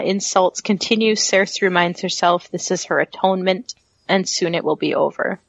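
Low-voiced woman reading aloud. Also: no echo. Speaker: podcast co-host reading book passages aloud. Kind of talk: casual chat and reading aloud. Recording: slightly muffled audio.

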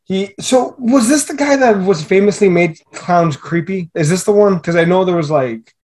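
A man's voice: sits high, moderate pace, a little mellow. A man co-hosting a podcast in casual chat, rambling with many fillers and restarts. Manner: rambling, hesitant, filler-heavy talk. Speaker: podcast co-host.

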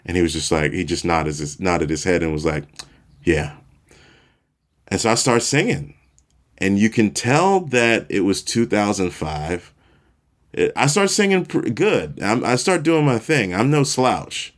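A man in his forties hosting a podcast, telling a story in a relaxed, self-deprecating way. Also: lowish voice, normal speed. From Chicago, USA. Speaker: podcast host. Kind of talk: casual storytelling monologue.

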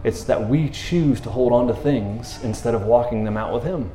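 A man talking casually about scripture in a laid-back, slangy way, retelling stories with lively asides. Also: medium pitch, normal speed, soft background music. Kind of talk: casual faith talk. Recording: roomy echo.

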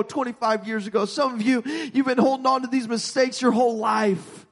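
A male pastor preaching an impassioned sermon with an altar call, rising to shouts. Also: extremely high pitch, fairly even intonation, moderate pace, creaky. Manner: impassioned, rising to shouts, voicing God's words.

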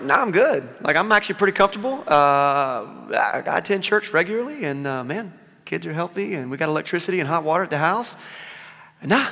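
A man preaching a sermon in a relaxed, conversational way, his voice sitting a little high and sounding crisp and forceful. He talks with loose fillers and easy laughs. His words ring out with a long reverb, as in a large hall. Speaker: pastor.

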